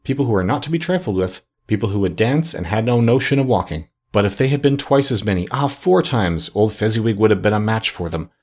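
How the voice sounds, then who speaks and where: A man narrating a classic story as an audiobook in a measured, expressive reading. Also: lowish voice.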